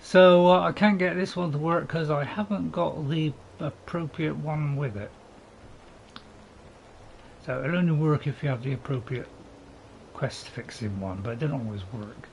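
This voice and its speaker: A man's voice: on the high side, unhurried, creaky, lo-fi sound. A man streaming a game and chatting casually, rambling and restarting his sentences in an easygoing way. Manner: rambling, easygoing, self-interrupting. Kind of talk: casual gameplay commentary. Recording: constant cricket and insect noise behind.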